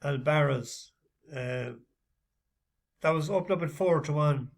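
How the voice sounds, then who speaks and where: A man talks through his racing tips in a loose, casual vlog. He rambles and stops often to fill gaps with halting ums and uhs. His voice sits a little higher than most men's. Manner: rambling, halting, many fillers. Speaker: horse racing tipster.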